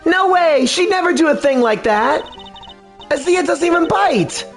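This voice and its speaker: A man's voice: extremely high pitch, expressive, a little slow, vocal fry, faint music behind, voice pushed up, full character voice. Man doing a bubbly sing-song circus tamer lady. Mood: gushing. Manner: silly, lighthearted, sing-song. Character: bubbly adult woman animal tamer, cheerful.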